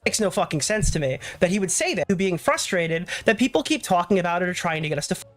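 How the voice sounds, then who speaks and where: A man's voice: sits high, very animated, quick pace, soft background music. A man defending himself on a stream clip, explaining his side of an online dispute. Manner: defensive, mocking quotes. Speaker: online commentator.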